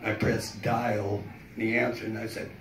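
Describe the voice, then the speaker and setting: A man in his fifties doing a stand-up comedy set in a club, telling stories slowly and deadpan with plenty of swearing, rising to shouted punchlines. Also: on the low side, very noisy. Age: 50s. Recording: roomy club sound from a distance. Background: audience laughter.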